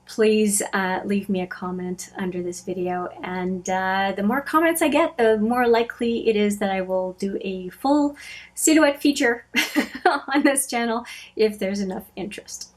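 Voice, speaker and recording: A woman hosting a casual makeup swatching vlog, chatty and thinking aloud, often correcting herself as she goes. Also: medium pitch. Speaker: beauty vlogger.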